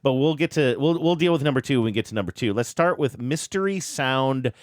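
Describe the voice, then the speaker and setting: A man's voice: mid-range voice, expressive, fairly quick, no room sound, studio quality. Easygoing male podcast host. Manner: easygoing, affirming, lightly joking. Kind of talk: casual podcast chat.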